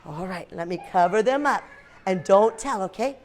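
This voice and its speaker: A woman teacher reading aloud and leading games in a classroom, lively and expressive with playful gasps. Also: medium pitch, moderate pace, a little hiss or hum.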